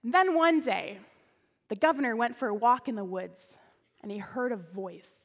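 Woman pastor, expressive storyteller; higher, gravelly voice in a reverberant sanctuary. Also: moderate pace. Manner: expressive storyteller, varied volume. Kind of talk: storytelling sermon. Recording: long church reverb.

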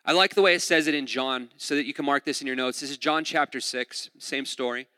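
A man preaching a sermon in a relaxed, conversational way, often saying "like" and repeating words. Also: mid-range voice, a little fast, clear, resonant tone, no room sound, studio quality, in a large hall. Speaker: pastor.

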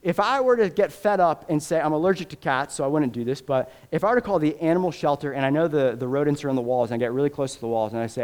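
A man's voice: on the high side, fast talker, few pauses, a little mellow. A man preaching a sermon in a conversational style, often checking in with "okay?" and "right?" and building to intense, rising passages. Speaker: pastor. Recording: long hall reverb.

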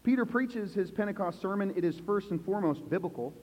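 Male pastor, high voice, preaching to a church, quizzes the crowd, soft then loud, long reverb. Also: quick pace. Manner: asks the congregation questions, swings from hushed to loud emphasis. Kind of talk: sermon. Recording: echoey hall, dull lo-fi sound.

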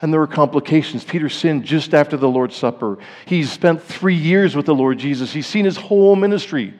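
Man preaching with hushed lows and rising peaks. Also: a little fast, in a large hall. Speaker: pastor. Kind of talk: sermon.

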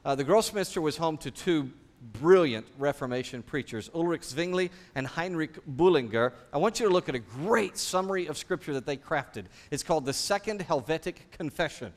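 This man's voice sits fairly high as he delivers an energetic sermon from the pulpit. He keeps posing rhetorical questions to the people in the pews.

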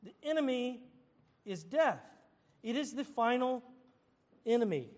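A man's voice: very high voice, sing-song, measured pace, a little mellow, big-room sound. A man preaching a sermon as pastor, earnest, often repeating and restarting his phrases.

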